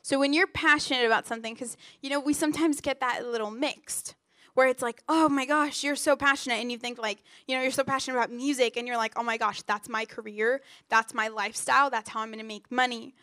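A woman's voice: fairly high pitch, steady tone, fast, sharp tone, dry recording, studio quality. A young woman giving a casual sermon at a church gathering, telling stories in a chatty, playful way with many fillers and jokes at her own expense. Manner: playful and self-joking. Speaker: youth speaker.

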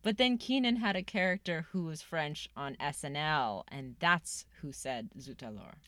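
A woman's voice: low voice, unhurried, a bit bright, no room sound, clean studio sound. A woman co-hosting a podcast, talking casually with lots of fillers and asides. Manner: chatty, self-correcting, frequent "like" and "um". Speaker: podcast co-host. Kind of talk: casual chat.

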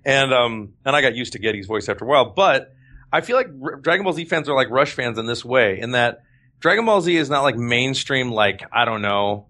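Bright-voiced man rambling in casual chat. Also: mid-range voice, expressive, a little fast. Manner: rambling, restarts a lot, laughs easily. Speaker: voice actor, podcast host.

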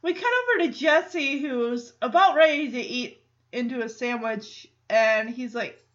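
A woman's voice: high-pitched, measured pace, lo-fi sound. A woman hosting a podcast, recapping a TV episode in a chatty, rambling way and acting out the characters' lines as she goes. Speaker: podcast host.

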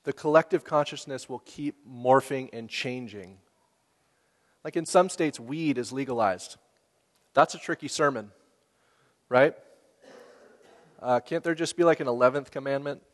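Male pastor, mid-pitched, chatty sermon delivery, long reverb tail. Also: a little slow, long pauses. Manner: conversational, with laughs and rhetorical questions.

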